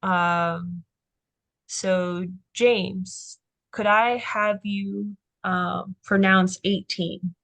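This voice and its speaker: A woman tutor leads a Greek reading session, speaking slowly and with plenty of fillers. She talks in an encouraging way, reassuring students as they try words aloud. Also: mid-range voice, steady tone, vocal fry, fairly bright tone. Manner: encouraging, unhurried, with frequent fillers.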